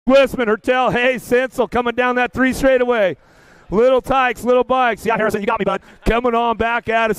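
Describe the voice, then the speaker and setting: High-voiced older male race announcer. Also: moderate pace, smooth, dry recording. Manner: energetic, emotional, chatty. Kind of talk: live race commentary. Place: outdoor race track.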